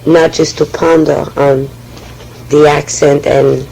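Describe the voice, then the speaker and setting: A woman with a French accent, speaking haltingly and often restarting as she tells her personal oral history. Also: low voice, flat delivery, vocal fry, dark tone, slight background noise, rough recording. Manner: hesitant, halting, with frequent restarts. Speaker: memoir speaker.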